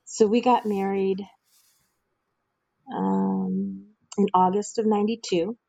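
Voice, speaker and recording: A woman's voice: mid-range voice, takes it slowly, creaky, no room sound, rough recording. A middle-aged woman from the American Midwest, frankly telling her own life story as an interview guest and acting out the voices of people she quotes. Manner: frank, acts out quoted voices with lively jumps. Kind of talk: candid personal storytelling.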